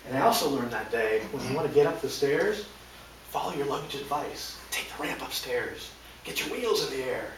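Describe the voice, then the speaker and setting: A man giving a humorous storytelling speech at a speech contest, theatrical and animated, in a large echoey hall recorded from far off. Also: medium pitch, fairly quick, a little hiss or hum. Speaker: contest speaker.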